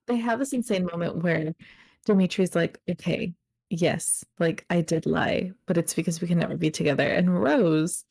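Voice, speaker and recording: A woman's voice: on the low side, normal speed, gravelly, a little mellow. A young woman co-hosting a casual book podcast, gushing and playful as she recaps a story. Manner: gushing, playful, slips into quoting characters. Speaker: podcast co-host.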